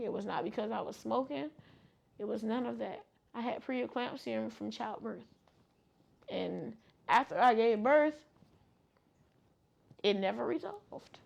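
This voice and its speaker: A woman's voice: on the high side, vocal fry. A young woman gives a personal testimony in an interview, close to tears, stressing her points and repeating them. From Georgia, US. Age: young adult.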